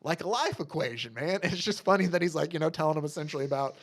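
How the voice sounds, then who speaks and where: Guy on a podcast, kinda high pitched, says "like" a ton, retelling comic scenes. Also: expressive, very fast. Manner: retells comic scenes, quoting characters in his own voice; many fillers like "like" and "you know". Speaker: podcast co-host. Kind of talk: casual chat.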